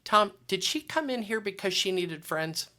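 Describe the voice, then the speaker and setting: A woman's voice: mid-range voice, lively intonation, moderate pace, bright, forceful tone, voice pushed up. A man voicing a blunt, demanding female sales manager who speaks firmly and directly. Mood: probing. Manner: firm, commanding, direct.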